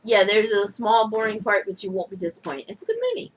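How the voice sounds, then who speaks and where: A woman's voice: medium pitch, steady tone, fast, rough recording. A woman co-hosting a casual banter show, chatty and giggly, rambling through her stories. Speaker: podcast co-host.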